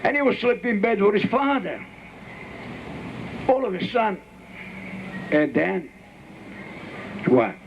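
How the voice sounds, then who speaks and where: A man telling a joke on stage in a gravelly voice, acting out the voices of the people in it. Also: very high-pitched, expressive, measured pace, pauses often, slight background noise. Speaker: entertainer on archive stage recording. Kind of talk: stage comedy and singing. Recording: dull archive recording with music.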